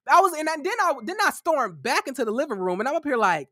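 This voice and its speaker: A man's voice: very high-pitched, very animated, fast talker, few pauses, sharp tone, dry recording, studio quality. A young man in his twenties tells a personal story in a casual, profane, fired-up way. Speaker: vlogger.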